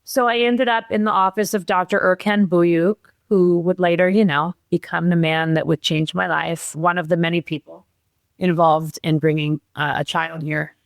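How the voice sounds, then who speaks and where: A woman guest on a podcast tells a personal story in an animated, expressive way, lively in her voice and acting out what others said. She sounds close to the mic in a dry room, middle-aged, and near tears at times. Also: fairly low pitch, normal speed, gravelly, no echo. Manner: animated, acts out quotes, laughs while telling. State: tearful at moments.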